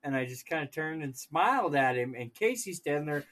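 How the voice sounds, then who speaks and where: A man co-hosting a podcast, telling a story in an animated way and swearing freely. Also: fairly high pitch, fairly quick. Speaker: podcast co-host. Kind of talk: casual chat, storytelling.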